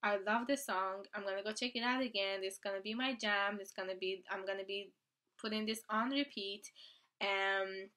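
A young woman talking casually in a reaction vlog, gushing and excitable, swearing freely and now and then dropping into a whisper. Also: mid-range voice, normal speed. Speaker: YouTuber reacting to a music video.

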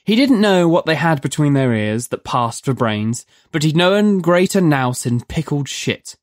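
A horror story narrator reading in a measured, vivid manner. The voice sits in an ordinary middle pitch, recorded close and dry with no room sound. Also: big pitch swings, no room sound. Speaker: narrator of a horror audio drama.

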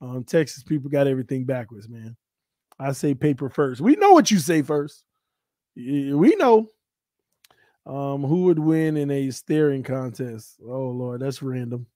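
A man's voice: mid-range voice, expressive, measured pace, warm tone, dry recording, studio quality. A man from Florida hosting a casual sports talk livestream, joking and trash-talking as he reads the chat aloud. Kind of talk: casual live-chat banter.

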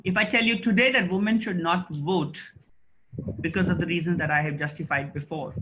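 A middle-aged man giving a formal guest lecture, emphatic and rhetorical, with pauses and restarts. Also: high-pitched, fairly even intonation, noisy background. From India.

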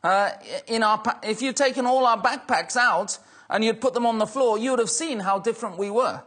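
A man's voice: very high voice, fairly quick, a bit bright. A man giving a sermon-style testimony talk, telling anecdotes and often repeating a stock phrase. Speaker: guest speaker.

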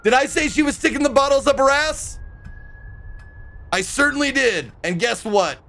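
Bright, lively-voiced gaming streamer man. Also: extremely high pitch, moderate pace. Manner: joking, chatty, swears. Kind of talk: casual let's-play commentary.

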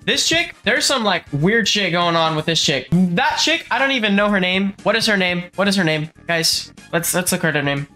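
A man's voice: high voice, expressive, normal speed, hardly any pauses, pushed and bright, faint music behind. A man giving casual, comedic movie commentary, profane and incredulous, his speech full of fillers. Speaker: movie reviewer.

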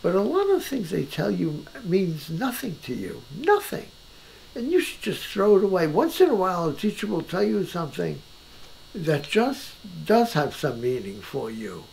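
Animated older man with a gravelly voice. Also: high voice, normal speed, a little hiss or hum, rough recording. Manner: animated, emphatic, with many restarts. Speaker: painter being interviewed. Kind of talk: casual conversation. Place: his own house.

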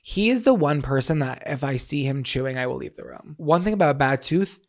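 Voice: mid-range voice, expressive, brisk. Podcast co-host, casual comedic chat, playful, mock-preachy.

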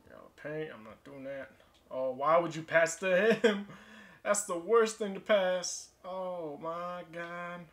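Young male gaming commentator, fairly high voice, angry swearing rants at teammates. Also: unhurried, a bit bright. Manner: frustrated, swearing, ranting at teammates. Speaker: gaming youtuber. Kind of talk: casual gameplay commentary.

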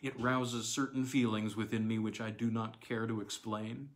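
A man reads a classic tale aloud as an audiobook narrator. His voice sits on the low side, and he keeps a measured, deliberate pace through the narration. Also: level tone. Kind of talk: scripted narration of a classic story.

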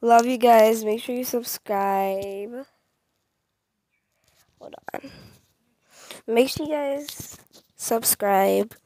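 A woman's voice: on the high side, very slow, pauses often, dark tone, no echo. A young woman hosting a gaming channel, easily scared, who repeats her phrases and talks straight to her viewers. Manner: repeats short phrases over and over. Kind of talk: excited gameplay commentary.

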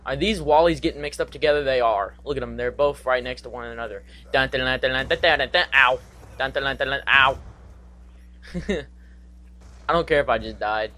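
A young man giving live gameplay commentary, excitable and goofy, trash-talking with singsong asides. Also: mid-range voice. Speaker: gaming commentator.

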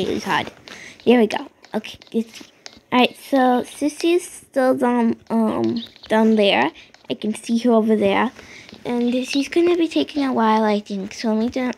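A woman's voice: on the high side, gravelly, darkish tone, slight background noise, rough recording. A woman chatting and rambling as she narrates a game role-play.

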